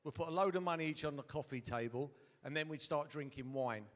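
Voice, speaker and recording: Middle-aged guy rambling through a funny story, sweary, slightly high voice, hall echo. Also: fairly quick. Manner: rambling, swearing, comic asides. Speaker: guest storyteller. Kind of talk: comic anecdote on stage. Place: hotel ballroom stage. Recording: hall reverb at a live event.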